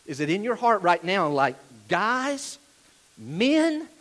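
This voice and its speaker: A man's voice: high-pitched, expressive, fairly quick, fairly bright tone. A male pastor with a Southern US drawl preaching a sermon in a direct, conversational way, putting pointed questions to his listeners.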